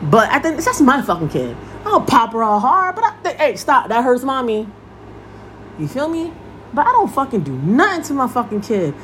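A young woman and podcast host telling a personal story in a blunt, profane, animated monologue. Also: a little high, a little fast, a little hiss or hum. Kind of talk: casual monologue.

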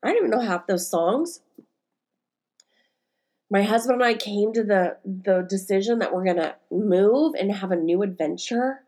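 Here a podcast host and life coach in her forties delivers a casual monologue about her week. Her medium-pitched voice is animated and dark-toned at a moderate pace. Emotional and near tears, she rambles candidly, often using fillers and starting over.

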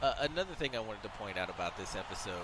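A man's voice: lowish voice, racing. Opinionated man with noise behind. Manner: opinionated, animated when making a point. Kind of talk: casual chat reviewing a cartoon episode. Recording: noisy background.

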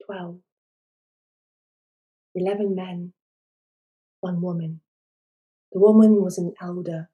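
Slow, mellow woman storyteller. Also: fairly low pitch, steady tone, rough recording. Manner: soft, dramatic storytelling. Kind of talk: storybook narration.

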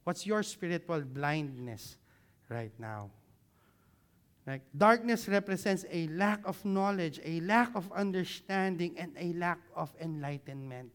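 A man preaching a sermon, engaging the listeners with many questions and growing more animated as he explains. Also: on the high side, unhurried, clear, resonant tone. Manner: grows louder and more animated when explaining.

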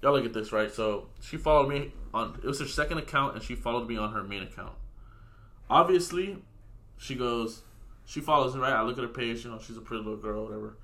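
A man's voice: mid-range voice, a little fast, sharp tone. A young man chatting casually on a podcast, telling stories in a loose, slangy way and laughing as he talks. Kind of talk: casual chat.

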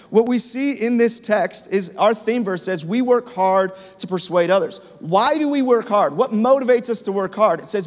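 High-voiced pastor preaching in a reverberant hall. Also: male voice. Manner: conversational, personal storytelling. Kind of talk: sermon. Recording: long reverb of a large hall.

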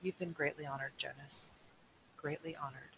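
A man reading aloud as a mother, speaking in a soft, hushed, measured way. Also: a little high, slight background noise, rough recording. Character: mother, quiet and guarded.

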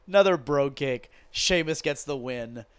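Speaking a little slowly, a man with a mid-range, clean-toned voice recaps a wrestling show on his podcast. The dry recording captures an exasperated, sweary rant told as animated storytelling.

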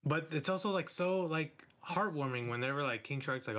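A man's voice: a little high, normal speed, fairly bright tone. A man co-hosting a podcast in casual chat, laid-back, laughing often and acting out quotes. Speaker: podcast co-host.

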